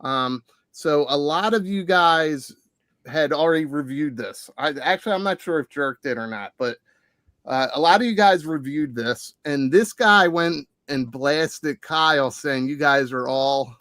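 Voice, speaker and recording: A man's voice: fairly high pitch, unhurried, fairly bright tone, no room sound, clean studio sound. A man hosting a casual online chat show, rambling and laughing as he talks. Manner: rambling, laughs while talking. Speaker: podcast host.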